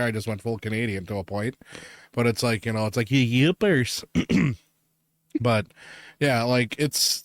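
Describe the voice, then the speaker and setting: A man's voice: mid-range voice, no room sound. Joking man with a Wisconsin accent. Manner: joking, laughs often. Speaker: podcast co-host. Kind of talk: casual chat.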